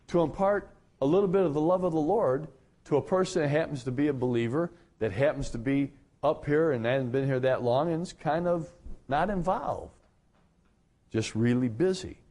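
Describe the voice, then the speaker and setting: A middle-aged male pastor giving a radio sermon, telling a story in a conversational way with lively jumps in pitch. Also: moderate pace.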